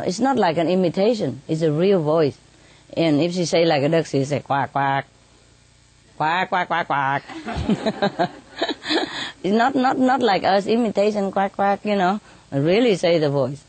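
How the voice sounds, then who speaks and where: Woman with a slightly low voice telling stories about her birds, chatty and quick to laugh. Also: mellow, no room sound. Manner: chatty, laughs often, many "you know" tags. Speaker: bird keeper telling stories. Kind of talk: casual storytelling in an interview.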